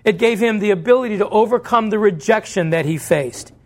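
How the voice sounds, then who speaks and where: A male pastor preaches a sermon in church, earnest and direct, asking the congregation questions and answering them himself. His voice is high with a darkish tone, and he talks a little fast.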